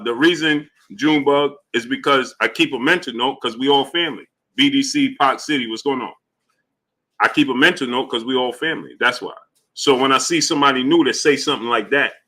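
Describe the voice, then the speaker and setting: A man runs a casual boxing talk stream and greets his regulars one after another. His voice is bright and forward at a middling pitch. His delivery is loose and full of slang, with the same friendly greeting over and over. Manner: loose, repetitive shout-outs in a friendly drawl, slips into slang. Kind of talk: casual live-stream chat, reading out viewer names.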